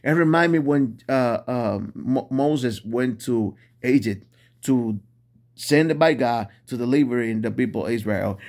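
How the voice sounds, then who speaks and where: Fervent man preaching in halting English. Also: mid-range voice, darkish tone. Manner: fervent, repetitive, halting restarts in non-native English. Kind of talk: impassioned preaching monologue.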